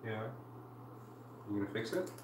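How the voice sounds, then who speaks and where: A woman's voice: normal speed, a little mellow. A woman from Canada live-streaming from home, chatting casually with viewers as she builds. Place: home room. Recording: roomy, distant mic with faint hiss.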